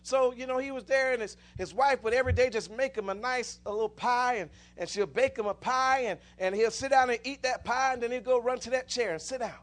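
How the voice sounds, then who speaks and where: A man's voice: very high-pitched, brisk, hardly any pauses, fairly bright tone. A man preaching a sermon, telling stories with many restarts and rising into fervent exclamations.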